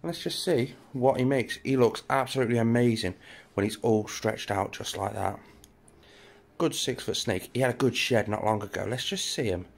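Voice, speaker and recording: Brief: British male host, mid pitch, casual chatty tour guide who talks to his animals, recorded on a handheld camera in a small indoor room. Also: moderate pace, creaky. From England. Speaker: reptile keeper and channel host. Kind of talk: casual walk-through narration. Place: reptile room at night, indoors.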